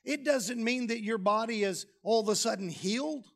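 Male pastor, high-pitched voice, animated sermon delivery, jokey asides, sudden soft low drops. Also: moderate pace, vocal fry. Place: church sanctuary.

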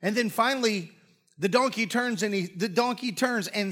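A man preaching a sermon in a church, folksy and joking, often clearing his throat. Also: high-pitched, moderate pace, a bit bright. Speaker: pastor. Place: church sanctuary with congregation. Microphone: live-streamed stage mic.

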